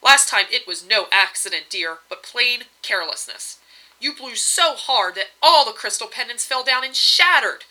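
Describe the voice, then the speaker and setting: A woman reading aloud, voicing a regal goddess wife who is doting but reproachful, in a bright voice. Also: fairly high pitch, lively intonation, moderate pace, pitched above the performer's own voice, rough recording. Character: regal goddess wife, fussy and sweetly demanding.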